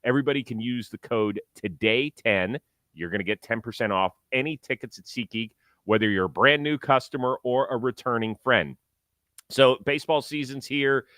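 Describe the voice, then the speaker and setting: A man's voice: mid-range voice, sharp tone, no echo. A man hosting a sports talk show, chatting about baseball in an enthusiastic, joking way and reading ads. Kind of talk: casual sports talk and ad read.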